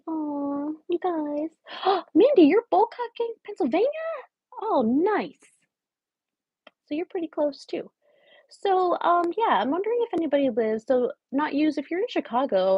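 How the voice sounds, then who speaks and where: Comedic livestream: woman voicing a wheedling drifter, breathy and high-ish, dry dull sound. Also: dry recording, full character voice. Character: scheming homeless woman in her late twenties. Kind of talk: improvised parody livestream.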